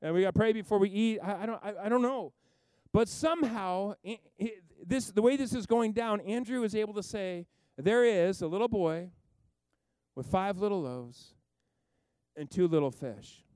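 Guy preaching, tells the story all animated, does little voices for people, smooth clear voice, dry sound. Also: high voice, moderate pace, dry recording. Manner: animated storytelling, acts out characters, rambling asides. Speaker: pastor. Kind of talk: sermon.

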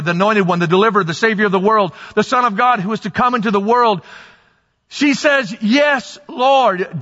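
A pastor preaching a sermon, rising to shouts on key points and putting questions to his congregation. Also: high-pitched, husky. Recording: lo-fi, long reverb in a church hall.

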